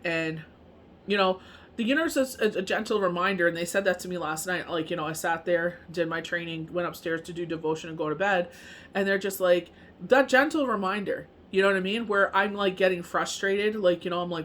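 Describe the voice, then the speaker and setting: A woman's voice: lowish voice, fairly quick, fairly bright tone. A woman who reads tarot, talking in a casual, rambling monologue full of fillers. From Canada. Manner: rambling, heavy on fillers like "you know what I mean". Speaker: tarot reader and medium.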